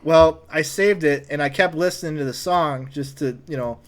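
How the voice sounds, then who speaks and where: A man telling a comedic personal story, animated, acting out other people's lines in a raised voice. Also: on the high side, normal speed. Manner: animated, acts out quotes in a raised voice.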